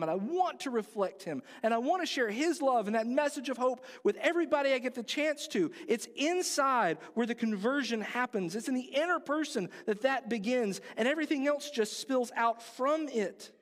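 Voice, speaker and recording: High-voiced earnest preacher in a reverberant hall. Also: male voice, lively intonation, moderate pace, hardly any pauses. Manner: earnest, conversational preaching with direct questions. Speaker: pastor. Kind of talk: sermon. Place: church sanctuary.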